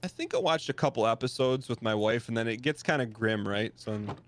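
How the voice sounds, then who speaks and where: A man's voice: mid-range voice, brisk, a little hiss or hum. American man from Michigan, curious chat. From Michigan, USA. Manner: curious, asks lots of questions. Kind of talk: casual chat while gaming.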